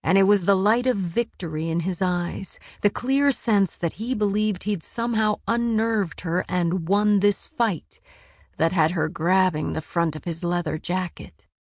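Woman reading a novel aloud, slow and steady, dry sound. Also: lowish voice, dry recording. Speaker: audiobook narrator. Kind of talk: scripted narration.

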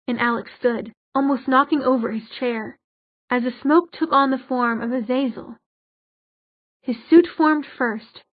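Female audiobook narrator, steady delivery; dry, close, phone-like sound. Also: high voice, no echo. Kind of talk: scripted fiction narration.

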